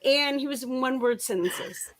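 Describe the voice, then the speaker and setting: Her voice sits high and moves at a moderate pace as this middle-aged woman runs a casual craft livestream. Chatty and full of laughter, she tells stories with many restarts along the way.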